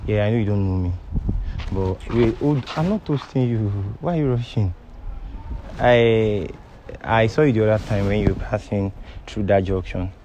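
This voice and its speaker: A man's voice: lowish voice, normal speed, noisy background. A man with a Nigerian accent hosting a street prank, pleading and apologizing again and again. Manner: pleading, keeps saying sorry and calm down. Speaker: prank video host.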